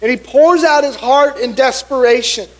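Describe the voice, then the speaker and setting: A man's voice: very high-pitched, moderate pace, fairly bright tone, low-quality recording. A middle-aged man preaching a sermon as pastor in a church, telling the story with acted-out voices. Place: church sanctuary.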